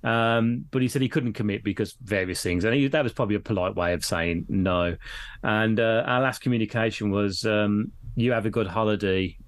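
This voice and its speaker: A man's voice: lowish voice, brisk. A middle-aged man from Britain, a guest in casual chat, who rambles, restarts often and laughs a lot while telling stories. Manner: rambling, laughs often, voices others in anecdotes.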